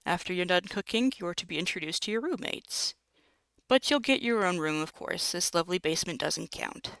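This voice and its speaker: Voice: medium pitch, a little fast, smooth, dry recording. A performer voicing a short, tired but eager witch who fusses over her new creation, read aloud from a text game. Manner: fussy, doting, excitable.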